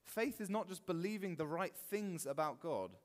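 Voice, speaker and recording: A man preaching a sermon in a church, animated and expressive. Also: high-pitched, normal speed, long reverb tail. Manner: animated, acts out quoted voices. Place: church hall.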